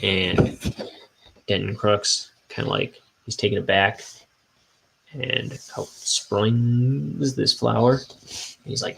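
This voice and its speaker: A man chats on a drawing stream in a rambling, self-mocking way. His voice is gravelly and husky. He speaks slowly and easily, talking about his comic as he works on it. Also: lowish voice, fairly even intonation, fairly bright tone, poor audio. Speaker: cartoonist streaming his inking. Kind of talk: casual livestream chat.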